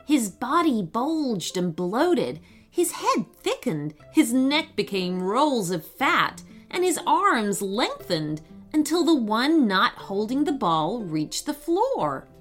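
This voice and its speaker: A woman reads a children's story aloud with expressive, dramatic narration. Her voice is fairly high and moves a great deal in pitch, and soft music plays faintly behind her. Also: takes it slowly, few pauses. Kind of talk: storybook reading.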